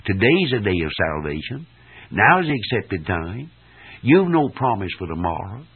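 Impassioned old-time revival preacher, tinny. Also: male voice, lowish voice, sing-song, unhurried, gravelly, husky. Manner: impassioned, exhorting, swells loud then drops soft. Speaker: evangelist preacher. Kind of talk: fervent revival sermon. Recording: tinny old archive sermon recording.

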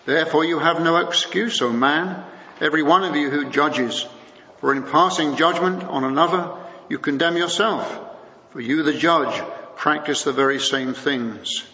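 A man preaching a sermon, his voice a little higher than most men's. He speaks in a measured way and slows down for scripture. The sound is dull and muffled, with a long echo from a large hall. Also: bright, forceful tone. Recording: muffled recording in a big echoing hall.

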